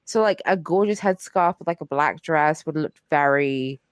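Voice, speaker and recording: Low-voiced and moderately paced, this young woman is a podcast co-host in casual chat. The sound is studio quality with no room sound, and her talk rambles with plenty of fillers and casual cursing.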